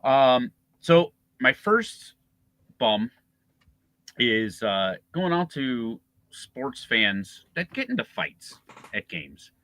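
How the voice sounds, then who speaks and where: A man co-hosting a sports podcast in a casual, profane rant. His voice is very bright and forceful, and it swings widely in pitch as he gets worked up. The sound is dry and close. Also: sing-song, drawn-out words, no echo, rough recording. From Chicago area. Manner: profane, ranting, laughing often. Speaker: podcast co-host.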